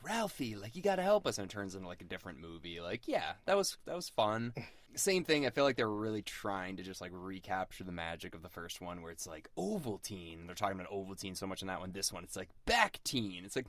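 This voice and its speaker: A young man co-hosting a podcast in casual chat, animated and full of fillers, jumping into high mock voices when quoting. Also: no echo. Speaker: podcast co-host.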